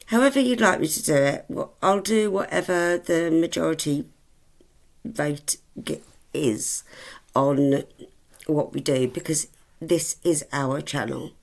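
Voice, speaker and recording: Woman vlogger in her forties; gravelly, unhurried, rambling, affectionate and full of ums. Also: low-pitched. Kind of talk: casual chat to camera.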